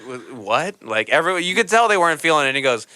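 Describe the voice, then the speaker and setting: Talking very fast in a clear, resonant, slightly high voice, a podcast host tells animated stories during a casual conversation, performing the quotes and laughing frequently. It is a studio-quality recording without echo.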